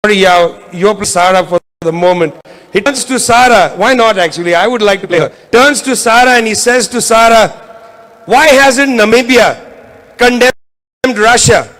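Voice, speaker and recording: This keynote speaker's voice sits high with a fairly bright tone. Speaking in an event hall, he gives an impassioned political address, using repetitive rhetorical emphasis to drive each point home.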